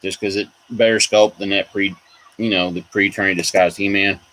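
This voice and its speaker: A man's voice: low voice, level tone, normal speed, fairly bright tone, low-quality recording. Rambling man chatting about toys. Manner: rambling, reacts to viewer votes. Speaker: toy collector host. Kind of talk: casual chat.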